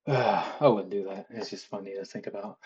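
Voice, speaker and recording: An artist drawing on stream chats loosely as he works, rambling, cursing, and chuckling like a joking storyteller. His voice is on the low side and darkish, at a normal speed, with the highs cut off.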